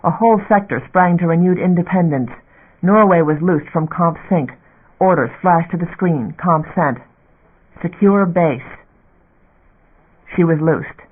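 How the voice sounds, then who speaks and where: Male audiobook narrator, fairly high voice, steady dramatic read, phone-like narrow recording. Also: normal speed, slightly rough.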